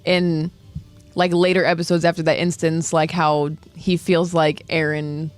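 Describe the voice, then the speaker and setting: A man's voice: a little high, level tone, unhurried, smooth, no echo, soft background music. A man co-hosting a podcast, talking in a rambling way full of "like"s and restarts. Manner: rambling, hedging with many "like"s. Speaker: podcast co-host. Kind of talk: casual anime discussion.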